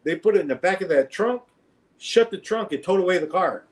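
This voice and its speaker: A man's voice: high-pitched, a little fast. A man telling a street story in casual conversation, often laughing and acting out the voices of others. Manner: animated, laughing, acts out voices in anecdotes. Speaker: guest storyteller.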